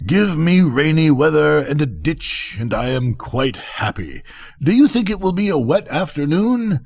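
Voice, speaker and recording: Smug chatty frog, an old man putting it on, slow, raised voice, gravelly. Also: on the high side, sing-song, darkish tone, voice pushed up, exaggerated voice. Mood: gushing. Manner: slow, gushing, complacent. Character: chatty self-satisfied frog.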